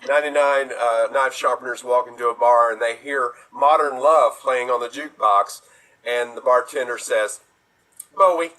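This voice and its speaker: A man performing in an improv show, telling a quick pun joke with a relaxed, deadpan punchline. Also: mid-range voice, low-quality recording.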